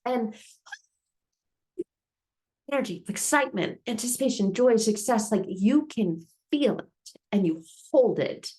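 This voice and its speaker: A woman's voice: a little high, expressive, unhurried, pauses often, mellow. Woman telling a story in repetitive build-ups. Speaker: self-help speaker. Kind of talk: motivational talk.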